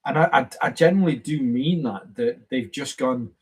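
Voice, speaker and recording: A man's voice: mid-range voice, normal speed, a little mellow, breathy edge, rough recording. A man hosting a casual live stream, rambling and chatty with plenty of fillers and self-corrections. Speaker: YouTube channel host on a live stream.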